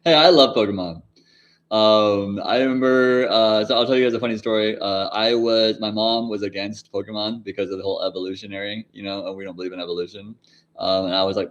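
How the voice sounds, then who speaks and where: A man in his forties hosts a casual livestream and answers chat questions, his voice on the low side and his pace a little fast. He rambles, laughs often, swears now and then, and breaks into sudden loud outbursts.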